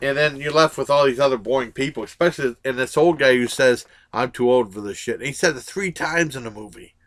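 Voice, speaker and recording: A man's voice: medium pitch, quick pace, fairly bright tone. Blunt, rambling movie-reviewer guy. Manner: blunt, rambling, frequent fillers and restarts. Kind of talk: casual movie review vlog.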